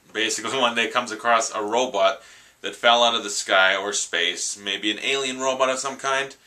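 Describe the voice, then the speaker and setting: Male vlogger doing a rambling, enthusiastic movie review; lowish, very bright tone. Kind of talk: casual vlog review.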